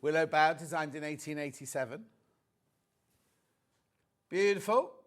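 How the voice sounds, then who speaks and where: A man's voice: on the high side, measured pace, a little hiss or hum. A man, presenting live on a TV shopping channel in a chatty, storytelling way. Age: 60s. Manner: chatty, anecdotal, animated storyteller. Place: TV studio.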